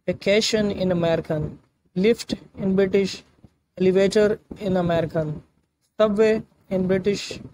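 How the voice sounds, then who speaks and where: A man teaching vocabulary, reading a word list in a measured, repetitive way. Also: high-pitched, a little mellow, a little hiss or hum, poor audio. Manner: measured, list-like delivery with repeated phrasing. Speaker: language teacher.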